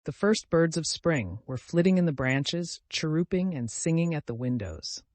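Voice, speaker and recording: A man reading a classic novel aloud as audiobook narrator, measured and gentle. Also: on the high side, animated, no room sound.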